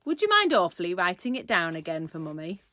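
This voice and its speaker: A woman's voice: on the low side, huge pitch swings, a little fast, pushed and bright, no room sound, exaggerated voice. A woman reading aloud and voicing a creepy, falsely sweet female dentist who calls herself Mummy. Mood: sickly sweet. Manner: falsely sweet, mock-polite.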